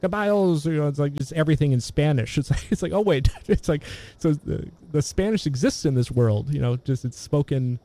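A man's voice: fairly high pitch, fairly quick, hardly any pauses, mellow. A man chatting casually about old films, rambling with many restarts and fillers. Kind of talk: casual film discussion.

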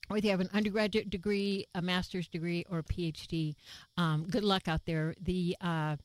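A woman with a lowish voice hosts a music radio show, chatting in a relaxed, rambling way full of fillers. She sounds slightly out of breath. The sound is dry and close. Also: normal speed, no room sound, rough recording. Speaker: radio host. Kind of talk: casual radio chat.

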